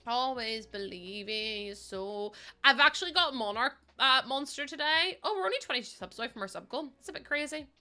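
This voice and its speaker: A young woman streaming live, her voice bright and a touch high. She chats playfully with viewers, rambles from one thought to the next and giggles as she goes, sounding sleepy. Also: expressive, fast talker, hardly any pauses, faint music behind. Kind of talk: casual livestream chat.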